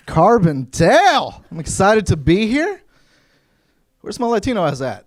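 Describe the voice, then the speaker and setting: A man from Kentucky telling stand-up stories on stage to a live audience, with an animated, punchy, conversational delivery into a handheld mic. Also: high voice, a little slow, some chatter behind. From Kentucky, USA. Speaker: stand-up comedian. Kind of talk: stand-up comedy storytelling.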